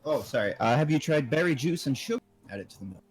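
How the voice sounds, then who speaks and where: A man chimes in with quiet, casual suggestions during an online tabletop game. His voice is a little higher than most, with music softly behind him. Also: expressive, fast. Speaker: player.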